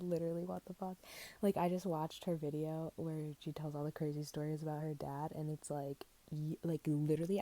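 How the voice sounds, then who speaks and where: A woman's voice: deep voice, creaky, warm tone. A teenage woman from Connecticut rambling through a casual storytime rant on a headphone mic, swearing constantly and making fun of herself. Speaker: vlogger.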